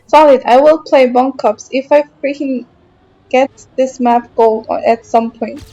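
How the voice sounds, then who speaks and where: A woman's voice: high-pitched, fairly even intonation, unhurried, mellow, highs cut off, soft background music. A young woman with a light German accent, chatting with her stream chat while playing a game, frustrated and talkative. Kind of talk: casual live-stream chat while gaming.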